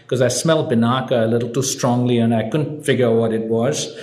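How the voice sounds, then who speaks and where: A man from India speaks from a podium in a wry, self-mocking storytelling manner. His voice sits at a middle pitch. The room is echoey, and audience laughter is heard behind him. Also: fairly even intonation, a little fast, few pauses. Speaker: recovery meeting speaker. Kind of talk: personal story told from a podium. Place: meeting hall with an audience.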